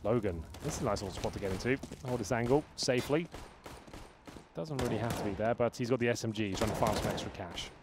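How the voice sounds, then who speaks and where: A man giving live play-by-play commentary on a competitive shooter match, steady and analytical with dry asides. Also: fairly low pitch, fast, noisy background. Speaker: esports commentator.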